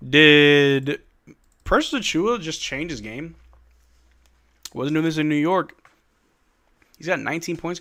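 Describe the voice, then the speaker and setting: A man's voice: a little high, animated, a little slow, pauses often, pushed and bright. A man hosting a live stream watch-along, calling plays casually and chatting with viewers in a drowsy, slangy way. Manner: laid-back, slangy, reads chat questions aloud. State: drowsy, yawning. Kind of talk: casual play-by-play and chat reading.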